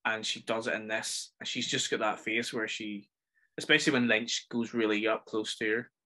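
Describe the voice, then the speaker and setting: A man's voice: on the low side, fairly even intonation, moderate pace, sharp tone. A man with a Northern Irish accent hosting a casual film review podcast, chatty and enthusiastic as he rambles through his thoughts. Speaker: podcast host.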